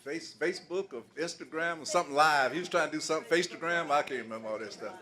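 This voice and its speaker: A man's voice: on the high side, quick pace, sharp tone. An older man doing stand-up comedy, telling folksy stories in a loose way and laughing at his own jokes.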